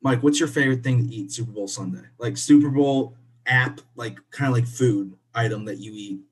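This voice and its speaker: A man's voice: mid-range voice, fairly quick, husky. A man co-hosting a podcast in a casual, upbeat, chatty way. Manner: chatty, upbeat, drifts into laughs. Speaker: podcast co-host. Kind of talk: casual chat.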